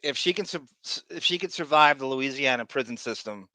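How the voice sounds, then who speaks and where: A man hosts a casual podcast, calling out viewers by name between crude jokes and long rambling stories. His voice is bright and forceful, and it is recorded dry and close. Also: mid-range voice, animated, fairly quick, no room sound. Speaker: podcast host. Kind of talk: casual chat, greeting live chat viewers.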